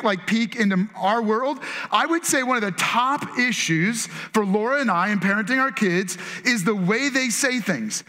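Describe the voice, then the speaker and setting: A man's voice: very high-pitched, sharp tone. A man in his thirties preaching a conversational sermon as pastor, acting out quotes in changing voices.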